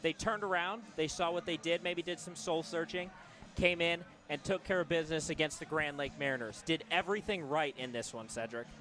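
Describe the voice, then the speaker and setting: A young man talks through a baseball game in a relaxed, earnest way. His voice is a little high. Music from the outdoor ballpark plays clearly behind him. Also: a little fast. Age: young adult. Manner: conversational, earnest analysis. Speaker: color commentator. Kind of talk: live baseball commentary.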